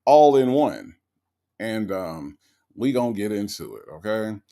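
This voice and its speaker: A man's voice: fairly low pitch, measured pace, gravelly. A man hosting an online commentary show, talking casually and sarcastically to his viewers with lots of asides. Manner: animated and sarcastic, with frequent fillers and asides. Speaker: host of a commentary channel.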